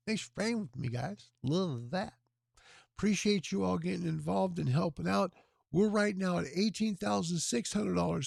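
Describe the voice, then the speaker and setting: A man hosting a livestream telethon, earnest and preachy, speaking with a hoarse, tired voice. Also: high voice, moderate pace, darkish tone, no echo, studio quality. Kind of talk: casual livestream talk with prayer.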